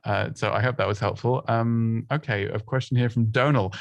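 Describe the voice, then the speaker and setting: A man's voice: mid-range voice, steady tone, moderate pace, hardly any pauses, no echo. A man giving casual, chatty presenting advice, self-deprecating and full of restarts and little laughs. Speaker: presenting coach.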